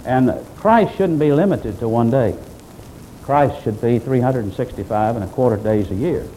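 A man's voice: medium pitch, expressive, normal speed, warm tone, a little hiss or hum, rough recording. A man preaching a sermon as pastor, emphatic and repetitive, reading scripture aloud.

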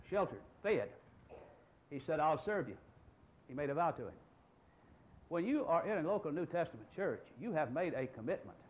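A man's voice: fairly high pitch, highs cut off, a little hiss or hum. A man in his sixties, a pastor preaching a sermon, emphatic and full of rhetorical questions. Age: 60s.

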